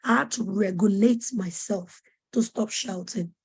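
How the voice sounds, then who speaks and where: A woman's voice: mid-range voice, measured pace, a little mellow, husky. A woman presenting a parenting webinar, speaking with urgent, preacherly emphasis and repeating questions to press her point. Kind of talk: earnest teaching talk to parents.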